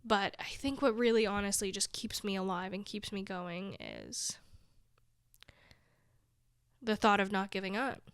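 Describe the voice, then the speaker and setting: A woman's voice: medium pitch, sing-song, measured pace, pauses often, smooth, dry recording, clean studio sound. A young woman hosting her own podcast, rambling in a casual monologue, weary and discouraged but laughing at herself, near tears at times. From big city. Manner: rambling, self-deprecating, laughs often. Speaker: podcast host.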